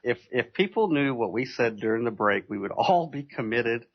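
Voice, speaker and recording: A man hosts a loose, jokey radio round-table, quick to laugh and tease his guests. His voice sits at an ordinary middle pitch, and it comes through dull, muffled lo-fi audio. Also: expressive. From Georgia, USA. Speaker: radio show host. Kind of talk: casual joking radio talk.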